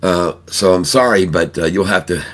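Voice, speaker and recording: A man's voice: low-pitched, moderate pace, a bit bright. A man doing a skeptical lady loan officer. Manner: doubtful, polite but firm.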